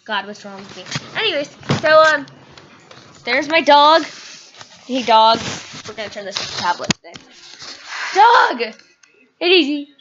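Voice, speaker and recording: A woman's voice: high voice, expressive, a little fast. A teenage girl rambling and giggling through a casual home vlog, self-mocking and chatty. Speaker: vlogger. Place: at home, in and around the kitchen. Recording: dull lo-fi home video with faint noise.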